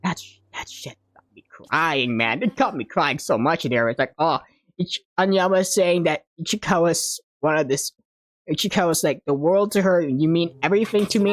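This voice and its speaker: A woman's voice: sits low, normal speed, no room sound. Gushing young woman anime reviewer. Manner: gushing, emotional, ends phrases with "man" and "dude". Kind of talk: casual unscripted review.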